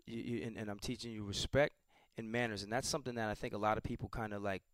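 A man's voice: fairly low pitch, fairly even intonation, fast talker, fairly bright tone, clean tone, no room sound, clean studio sound. A man guest co-hosting a casual sports chat, emphatic and repeating himself to press his points. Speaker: guest co-host, actor.

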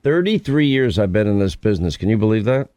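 A man's voice: on the low side, sing-song, quick pace, dark tone. Teasing middle-aged man radio host. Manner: teasing, joking. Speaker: radio talk show host. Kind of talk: casual on-air banter.

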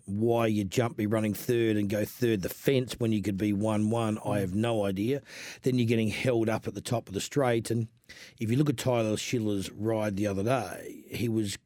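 A man with an Australian accent, co-hosting a racing radio show and telling stories in a rambling, animated way. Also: on the low side, normal speed, no room sound, clean studio sound. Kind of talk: casual radio banter.

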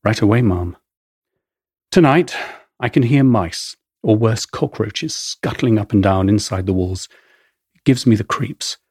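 A man with an English accent narrates his own memoir in a wry, measured storytelling manner. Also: on the low side, a little mellow, breathy edge, dry recording, clean studio sound. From England. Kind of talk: first-person memoir narration.

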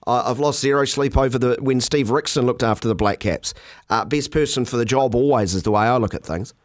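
A man's voice: mid-range voice, brisk, dry recording, studio quality. A man with a New Zealand accent hosting talkback radio, easygoing, stumbling over restarts and calling callers mate.

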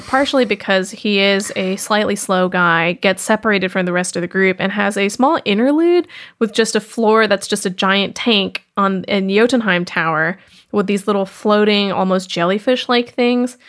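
A woman's voice: medium pitch, fairly bright tone. A woman hosting a podcast, recapping a film in a chatty, casual way. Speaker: podcast host.

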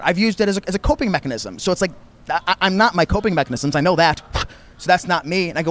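A man's voice: sits high, animated, quick pace, a bit bright. A man in his thirties, a podcast guest, talking casually and reflectively and often calling people "man" and "dude". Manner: rambling, reflective, says "man" and "dude" a lot.

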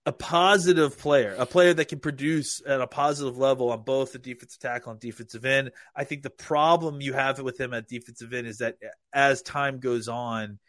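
A man's voice: medium pitch, steady tone, moderate pace, few pauses, a bit bright, no echo, clean studio sound. A man analyzing football in casual podcast talk, rambling with frequent restarts.

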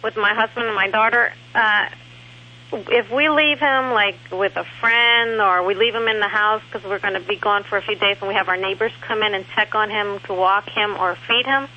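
A woman calling in to a radio show, explaining her problem in a hesitant, halting way. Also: medium pitch, sharp tone. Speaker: caller. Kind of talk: phone-in question. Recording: muffled phone line.

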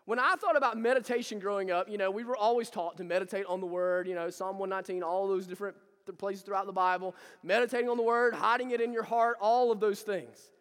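A man's voice: sits high, steady tone, fast, hardly any pauses, fairly bright tone, long reverb tail. A man preaching a sermon, emphatic and repetitive, building intensity as he talks.

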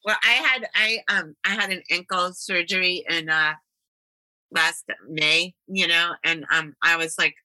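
A woman hosting a casual chat, telling her own story in a halting, chatty way. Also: fairly low pitch, fairly even intonation, sharp tone, dry recording, rough recording. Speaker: host and musician.

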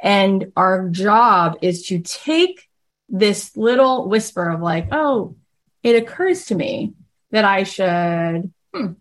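Woman, host, casual storytelling, chatty, animated, quotes dialogue, filler "like," mid pitch. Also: takes it slowly.

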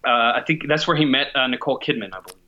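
A man in his forties reading trivia questions in a steady, matter-of-fact way during casual podcast banter. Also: medium pitch, rapid-fire, lo-fi sound.

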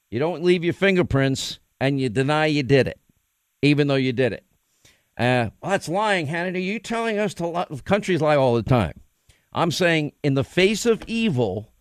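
Male opinion radio host: combative, rapid-fire, emphatic; slightly high pitch, dead-dry studio sound. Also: dry recording. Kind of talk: political opinion talk show.

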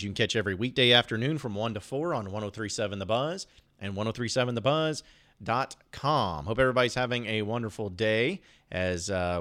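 A man's voice: fairly low pitch, a bit bright. A man hosting a casual sports podcast, talking in a rambling, loose way with joking asides and restarts. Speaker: podcast host.

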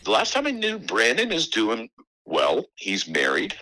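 A man calling in to a podcast, telling a teasing, animated story. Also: medium pitch, a little slow, dry recording, low-quality recording. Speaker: phone-in caller. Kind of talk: joking phone call.

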